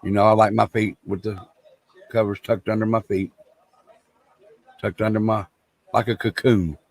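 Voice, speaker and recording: Man, gravelly, dry close sound, joking crude banter, livestream co-host. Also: lowish voice, flat delivery, moderate pace, no room sound. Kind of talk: casual livestream chat.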